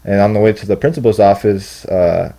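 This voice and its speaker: A young man, a podcast guest, tells a long story in casual chat, rambling, swearing freely and acting out what people said. His lowish voice is gravelly with a dark tone, and he talks fairly quickly.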